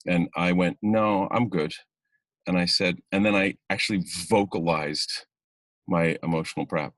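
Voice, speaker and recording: A man hosting an acting webinar, telling an audition story in a casual, animated way and acting out the people he quotes. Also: deep voice, moderate pace, dry recording. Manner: animated, acts out quoted voices. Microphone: webinar video call.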